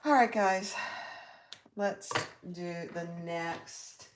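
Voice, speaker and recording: On a sewing livestream, the host speaks in a lowish voice and draws out her words, with background noise in the mix. She's chatty, reads out viewer comments, and reacts aloud while she sews.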